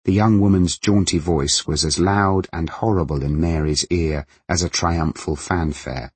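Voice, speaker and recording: A man narrating a novel in a measured, even manner. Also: sits low, husky, no room sound. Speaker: audiobook narrator.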